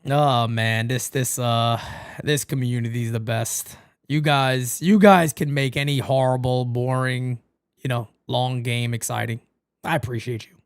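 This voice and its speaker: A woman hosting a live baseball watch-party stream, chatting casually and profanely, dropping into low mutters between bursts of energy. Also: fairly even intonation, unhurried, clean tone.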